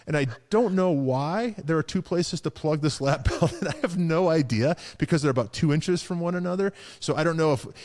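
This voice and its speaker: A man's voice: on the high side, expressive, fairly quick, few pauses, a little mellow. A man co-hosting a car show, chatting casually with lots of fillers, restarts and chuckles. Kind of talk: casual chat.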